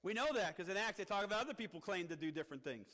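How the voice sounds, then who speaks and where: Bright-voiced middle-aged male pastor. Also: very fast. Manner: animated, swings from loud outbursts to low asides. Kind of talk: storytelling sermon. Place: church. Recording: echoey church hall.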